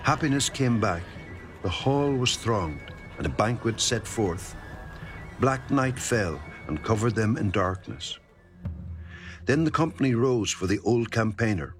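A man narrating epic verse in a steady, measured scripted reading. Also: on the low side, over music.

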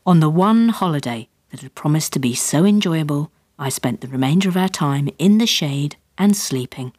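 A woman's voice: sits low, animated, normal speed, darkish tone, slightly rough, no echo, studio quality. Wry woman reading a comic memoir. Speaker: narrator.

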